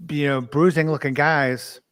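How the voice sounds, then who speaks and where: A man's voice: a little high, fairly even intonation, unhurried, fairly bright tone, clear, resonant tone, no room sound. A man in a casual chat who rambles with many fillers.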